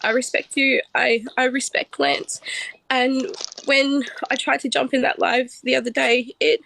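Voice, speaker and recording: A woman speaking in an earnest, heartfelt, halting way on a phone livestream. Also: sits high, creaky, fairly bright tone, poor audio. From Australia. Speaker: livestream guest. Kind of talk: emotional livestream talk.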